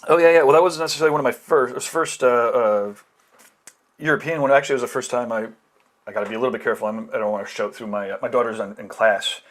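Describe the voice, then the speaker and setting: A man's voice: medium pitch, steady tone, racing, a bit bright. A man, a podcast guest, telling a long rambling story over a call, full of fillers and restarts. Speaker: podcast guest, tattoo collector. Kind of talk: casual storytelling.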